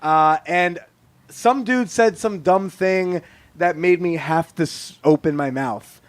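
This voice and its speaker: A man's voice: on the high side, slow. A man hosting a podcast live on stage, telling stories in a self-deprecating, laughing way. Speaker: podcast host.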